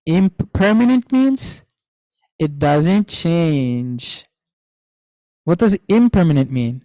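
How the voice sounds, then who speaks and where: A man's voice: on the high side, animated, slow pace, long pauses, mellow, dry recording, low-quality recording. A young man teaching children an online class, telling a story and asking them questions, repeating the key lines. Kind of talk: storytelling lesson to kids.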